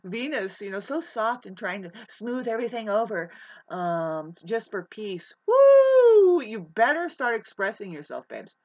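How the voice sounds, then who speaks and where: A woman's voice: medium pitch, lively intonation, moderate pace. A woman talking through astrology in a casual, rambling monologue, emphatic, cursing now and then and calling her listener babe. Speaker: astrology vlogger. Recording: dull lo-fi sound.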